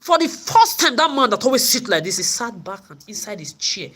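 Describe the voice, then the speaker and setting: A woman's voice: fairly high pitch, very animated, brisk, fairly bright tone, breathy edge. A woman vlogger telling her story in an angry, profane rant, often repeating and stumbling over words. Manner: profane, repetitive stammering.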